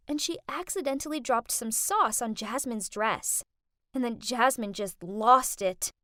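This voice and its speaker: A woman narrating a first-person animated story in an expressive, dramatic manner. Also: high voice, dry recording, clean studio sound.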